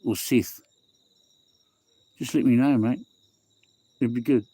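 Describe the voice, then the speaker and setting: A man's voice: medium pitch, fairly even intonation, slow pace, dark tone, breathy edge, no room sound. A middle-aged man with a New Zealand accent chatting loosely on a phone livestream, reading viewers' comments aloud and repeating himself as he talks. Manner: rambling, repeats himself, reads chat aloud, says bro and eh. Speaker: livestream host. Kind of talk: casual livestream chat with viewers.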